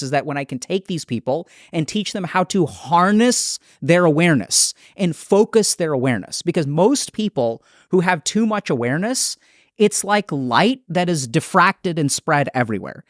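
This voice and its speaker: A psychiatrist in a podcast interview, a man explaining his ideas thoughtfully, with quick restarts. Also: on the high side, no room sound, clean studio sound.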